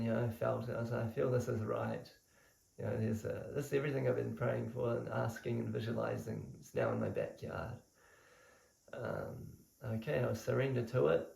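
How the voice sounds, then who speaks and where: A young man tells his story in a casual, animated way and laughs easily between thoughts. His voice is strongly gravelly and creaky at a middling pitch. He sits back from the mic, and the room gives it a roomy echo. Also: distant mic. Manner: animated, laughs often while telling. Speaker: spiritual seeker telling his story.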